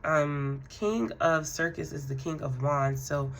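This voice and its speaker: A woman doing a spiritual tarot reading. She speaks to the listener directly in a relaxed, affirming way, with fillers and soft laughs. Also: low-pitched, slow. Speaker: tarot card reader.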